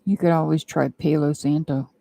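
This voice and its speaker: A woman's voice: deep voice, steady tone, moderate pace, vocal fry, dark tone, dry recording. A woman doing a live-stream tarot reading, chatting and rambling with her viewers and laughing often. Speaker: tarot reader.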